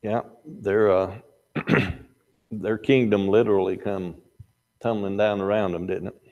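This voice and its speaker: A man's voice: on the low side, fairly even intonation, unhurried, dull audio. An older man teaching a Sunday morning Bible class in a folksy, conversational way. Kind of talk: Sunday school lesson.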